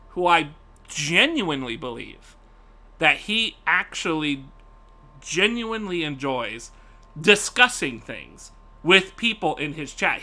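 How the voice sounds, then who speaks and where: A man's voice: high-pitched, sharp tone. A man streaming live, ranting casually and profanely to his chat, laughing often.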